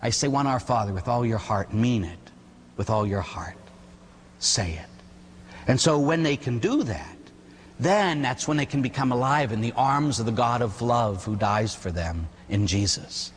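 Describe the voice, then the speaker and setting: Man, Catholic priest, from Pittsburgh area, sermon, animated storytelling, echoey hall, faint hum. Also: medium pitch, normal speed. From Pittsburgh area, United States. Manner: animated storytelling, acting out quoted voices, tag questions.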